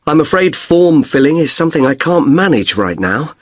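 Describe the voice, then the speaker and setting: A man playing a polite hotel guest in a scripted exam dialogue, spelling out letters slowly and deliberately. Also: on the high side, big pitch swings, no echo. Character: polite British man with broken wrist checking in.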